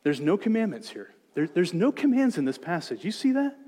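A man preaching a sermon as pastor, moving between hushed, gentle reassurance and loud, emphatic exhortation. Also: high voice, very animated, fairly quick, in a large hall. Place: church sanctuary.

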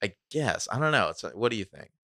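A man's voice: fairly low pitch, sing-song, a little fast, vocal fry, sharp tone, dry recording, studio quality. A man co-hosting a podcast, recapping a TV episode in a laid-back, chatty way with frequent laughs. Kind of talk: casual chat.

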